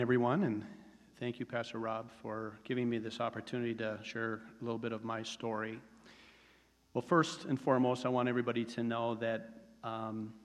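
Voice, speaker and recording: A man in his sixties gives his personal testimony to a congregation in an earnest, steady way, hesitating now and then. His delivery is flat and even, and his voice carries a long reverb through a large church sanctuary. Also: mid-range voice. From United States. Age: 60s. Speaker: church member giving testimony.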